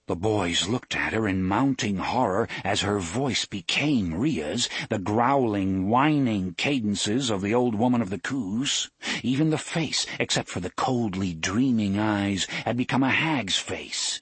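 A man narrating an audiobook in a measured, deliberate way. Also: on the low side, a bit bright, breathy edge, no room sound.

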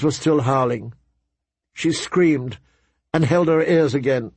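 A man's voice: mid-range voice, slow, long pauses, darkish tone, slightly rough, dry recording. Man reading a story aloud. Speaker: narrator. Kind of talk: audiobook reading.

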